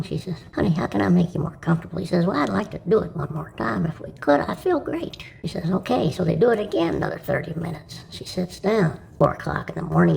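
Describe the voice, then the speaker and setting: A woman telling bawdy jokes, storytelling and acting out the dialogue in a gravelly voice. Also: sits low, a little mellow, rough recording. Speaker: joke teller.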